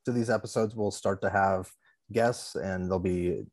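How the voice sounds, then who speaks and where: A man's voice: sits low, fairly even intonation, measured pace, a little mellow. A man hosting a podcast in casual chat, upbeat and loose, with many restarts. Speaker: podcast host.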